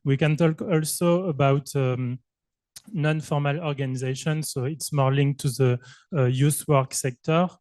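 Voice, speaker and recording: A man's voice: fairly high pitch, fairly even intonation, a little slow, darkish tone, no room sound. A man from Brittany with a French accent, a researcher and youth worker speaking on a panel, hesitant and full of filler sounds. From Brittany, France. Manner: hesitant, many filler sounds, self-conscious. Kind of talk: panel discussion.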